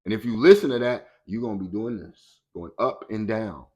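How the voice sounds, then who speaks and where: A man's voice: on the low side, normal speed, mellow. Man giving a colloquial motivational talk. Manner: colloquial and preachy, acts out quoted voices. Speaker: motivational speaker.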